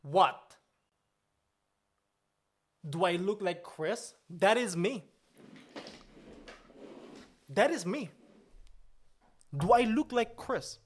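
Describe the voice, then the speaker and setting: A man's voice: sits high, animated, extremely slow, long pauses, a little hiss or hum, full character voice. A man playing a pompous, boastful, easily offended company boss on a comedic livestream, talking in an indignant, grandiose way.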